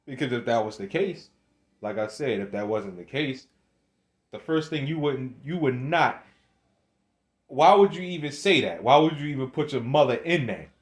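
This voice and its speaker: A man's voice: medium pitch, animated, normal speed. A man delivering a rambling religious rant to camera, scolding his viewers, swearing and restarting his phrases. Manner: scolding, swears, laughs between points. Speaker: religious video maker.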